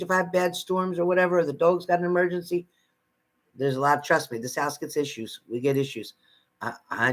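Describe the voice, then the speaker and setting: A man's voice: sits high, fairly bright tone. A man giving live psychic readings to viewers from home in a chatty manner, repeating phrases and calling people by name. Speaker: psychic reader.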